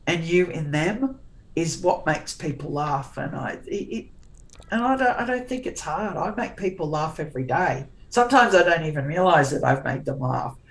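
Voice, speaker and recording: A forthright woman in her forties talks as an interview guest, with a notably low, deep voice. She is sarcastic and plain-spoken, often starting a phrase twice before carrying on. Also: rough recording. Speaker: guest author. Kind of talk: candid interview chat.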